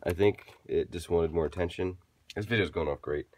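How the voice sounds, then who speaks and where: A man's voice: low voice, moderate pace, a little mellow, a little hiss or hum. A young man casually showing his diecast car collection to viewers, rambling, correcting himself and joking as he goes. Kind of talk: casual chat to camera.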